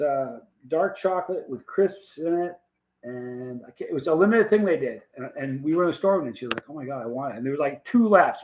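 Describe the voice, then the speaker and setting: Rambling folksy male stream host, fairly high voice, slightly muffled lo-fi audio. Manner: rambling, folksy, reads viewer comments aloud. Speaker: livestream host reading viewer chat. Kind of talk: casual chat.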